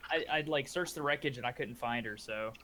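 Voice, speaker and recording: A man's voice: mid-range voice, a little fast, sharp tone, a little hiss or hum. A man taking part as a player in a tabletop game, joking casually.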